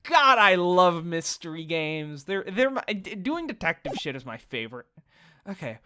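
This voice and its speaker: A woman giving casual, excitable commentary while playing a detective game, swearing freely and reasoning out loud. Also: on the low side, normal speed. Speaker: let's play gamer.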